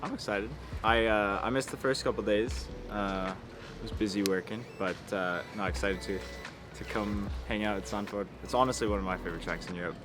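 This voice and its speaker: A man, a racing coach, chatting casually in a relaxed, joking, low-key way. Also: brisk. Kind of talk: casual chat. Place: outdoors in a city. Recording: music playing under the voice.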